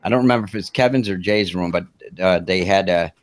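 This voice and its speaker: A man's voice: low-pitched, fast, no room sound. A man on a live online call-in show, casually recounting events in a rambling, hesitant way with many fillers. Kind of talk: casual chat.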